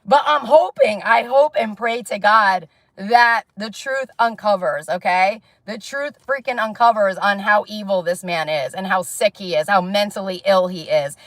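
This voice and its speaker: A woman's voice: medium pitch, unhurried, few pauses, fairly bright tone, dry recording. A woman vlogger giving a heated, profane monologue to camera, repeating herself and pressing "okay?" after her points. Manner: repetitive, insistent, peppers talk with "okay?".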